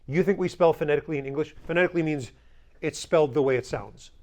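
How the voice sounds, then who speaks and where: A man teaching a language class, with a voice pitched a little high. He is blunt and sarcastic, teasing his students as he leads them through call-and-response drills in a classroom. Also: fast talker, darkish tone.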